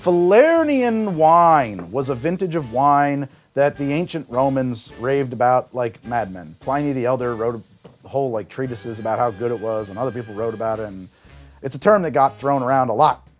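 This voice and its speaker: Animated man explaining cocktail lore. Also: medium pitch, normal speed, soft background music. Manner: animated storytelling with big swings in emphasis; tastes and describes aloud in a quieter voice. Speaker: host of a cocktail show. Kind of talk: conversational explainer.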